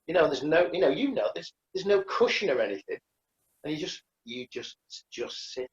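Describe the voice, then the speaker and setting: A man with a lively, up-and-down voice talks casually over a beer and rambles through restarts and fillers. The sound is roomy and a little dull. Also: on the high side, moderate pace. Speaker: karate instructor.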